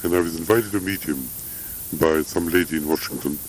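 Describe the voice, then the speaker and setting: Older man with a very deep voice. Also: fairly quick, slight background noise, low-quality recording. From Russia. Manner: rambling, anecdotal, with frequent asides. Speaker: interviewee. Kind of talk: reminiscing conversation.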